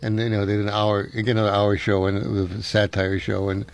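Fairly low in pitch with a level tone, quick pace, and vocal fry, a middle-aged man hosts a casual call-in radio show. He tells rambling stories with frequent chuckles into a studio microphone.

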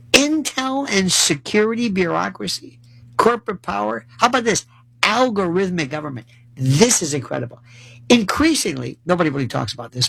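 A man's voice: a little high, creaky, fairly bright tone, dry recording. A man delivering solo political commentary, sarcastic, rattling off long lists of issues.

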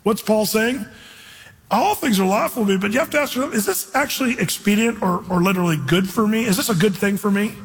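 A man's voice: sits high, fast, hardly any pauses, husky, in a large hall, rough recording. A man preaching an informal, earnest sermon in a church, quoting scripture and putting on voices to make his points. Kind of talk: conversational sermon.

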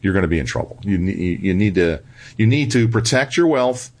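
Man, lowish voice, blunt financial commentary, emphatic, checks in with "right?", mildly sarcastic. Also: lively intonation, a little fast, a little mellow, husky. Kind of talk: interview answers.

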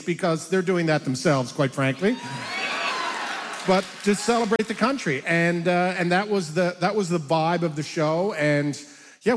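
Brief: middle-aged comic from Canada, high voice, lively self-mocking anecdotes, reverberant space. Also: male voice. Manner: animated, self-mocking storyteller. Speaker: comedian guest. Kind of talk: conversational interview storytelling.

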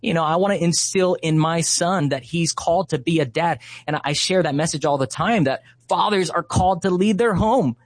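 This interview guest, a Christian activist in his thirties from Hawaii, speaks at a normal speed with hardly any pauses. His voice is fairly high, and he relates a story earnestly and passionately, peppered with fillers.

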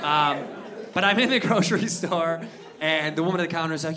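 A man doing a stand-up comedy set, telling an animated story that builds to shouted punchlines. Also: a little high, fast talker. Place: comedy venue stage. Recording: live club set, crowd laughter. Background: audience laughing.

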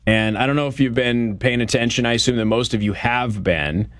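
A man's voice: mid-range voice, a little fast, fairly bright tone, dry recording, studio quality. A man hosting a political talk show, giving a blunt, opinionated monologue with frequent fillers. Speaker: radio show host.

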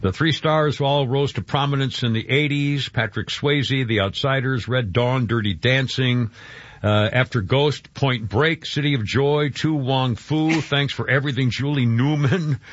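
A male radio host rambles through morning radio chat, stumbling over his words at a slightly slow pace in a medium-pitched voice. The broadcast sounds dull and dry.

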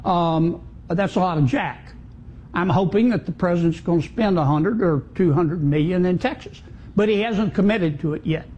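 A man's voice: high voice, a little mellow, slight background noise. Folksy male senator in a dull clip. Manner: folksy, blunt, halting with fillers. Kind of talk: interview answer.

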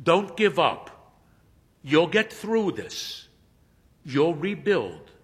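A man voicing a lonely, soft-spoken young man who speaks slowly and consolingly. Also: a little high, big pitch swings, breathy edge, big-room sound, voice pushed up, heavily acted. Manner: slow, quiet and consoling.

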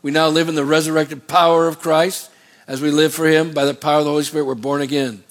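Preacher man, bit higher voice, pushes hard, throws questions back at the church. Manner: preaching with call-and-response questions; emphatic, rising on exhortations. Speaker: pastor. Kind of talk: sermon.

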